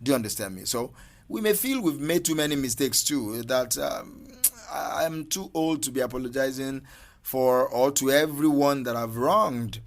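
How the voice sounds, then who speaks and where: A man's voice: mid-range voice, moderate pace. A man giving a motivational talk as a mindset coach, emphatic and insistent, often checking that listeners understand. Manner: emphatic, repeatedly asks "do you understand me"; insistent repetitions like "no, no, no".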